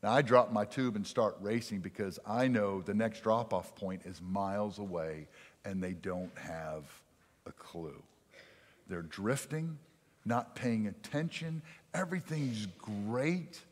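A man's voice: lowish voice, unhurried. Earnest preaching man in a reverberant hall. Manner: earnest preaching, dynamic volume, drops to quiet for emphasis. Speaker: pastor. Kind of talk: sermon. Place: church sanctuary.

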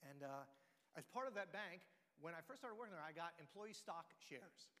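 A man preaching a sermon as pastor, telling stories in an animated way with self-deprecating asides. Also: fairly high pitch, normal speed. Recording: long hall reverb.

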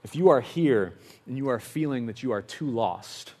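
A young man preaching a sermon, moving from hushed storytelling to loud, impassioned pleading. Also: mid-range voice, expressive, normal speed. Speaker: pastor.

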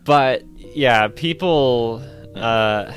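A man's voice: mid-range voice, extremely slow, faint music behind. Rambling man in casual chat. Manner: rambling, heavy use of "like" fillers.

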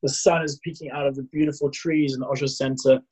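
A man from South Africa in his thirties, telling a personal story as a podcast guest, animated and full of fillers. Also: medium pitch, fast, husky, poor audio. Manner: animated, acts out his own past dialogue, many fillers and restarts. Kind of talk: casual storytelling.

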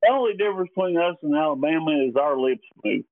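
A man's voice: fairly high pitch, lively intonation, fast talker, no echo. A man with an East Tennessee accent, co-hosting a podcast in an easygoing, joking way. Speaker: podcast co-host. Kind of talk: casual race recap commentary. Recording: thin phone-like line.

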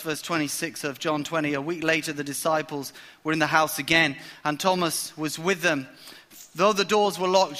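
A man preaching a sermon, telling the story in a lively way and acting out the characters' lines. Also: sits high. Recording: long hall reverb.

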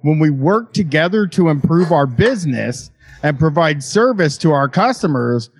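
A man's voice: a little high, lively intonation, moderate pace. A man hosting a casual comedic podcast, reading out documents and riffing on them sarcastically.

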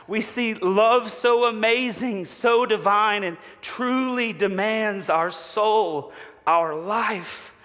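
A man preaching a sermon as a pastor, measured and slow with long pauses, falling to a hushed voice for quoted promises. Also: sits high. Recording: long hall reverb.

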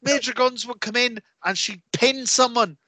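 A man co-hosting a podcast, telling rambling, animated stories in casual chat with lots of fillers. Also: very high-pitched, moderate pace, dry recording. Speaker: podcast co-host.

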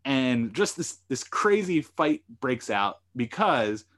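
A man's voice: medium pitch, big pitch swings, slow, fairly bright tone. A man hosting a podcast and recapping a TV episode, retelling scenes animatedly and quoting the characters' lines. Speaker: podcast host and lawyer.

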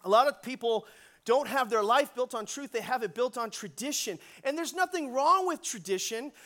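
A male pastor delivering a sermon in an animated, storytelling manner. His voice sits very high for a man, and he laughs often between points. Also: moderate pace.

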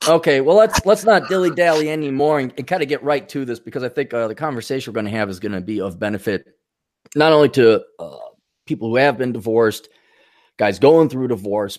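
A man's voice: medium pitch, a little mellow. A man hosting a casual talk show on a video call, rambling loosely with lots of fillers and restarts. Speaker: podcast host. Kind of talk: casual chat.

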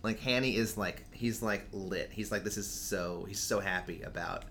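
A man's voice: fairly low pitch, fairly even intonation, normal speed, a bit bright, slight background noise. Chatty male podcast co-host, often laughing. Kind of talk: casual chat.

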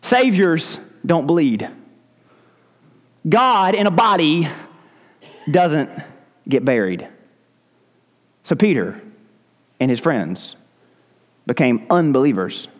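A man's voice: fairly high pitch, lively intonation, takes it slowly, pauses often, in a large hall. A male pastor preaching a sermon in a church, retelling scripture in a vivid, dramatic storytelling manner. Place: church sanctuary.

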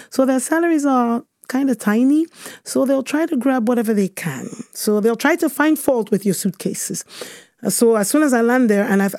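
A woman from Cameroon answers questions about her research in a mellow, soft-edged voice. She thinks aloud, with frequent fillers and self-corrections. The sound is close and dry. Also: a little high, no room sound. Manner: thoughtful, with frequent fillers and restarts. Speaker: researcher guest. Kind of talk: interview answers.

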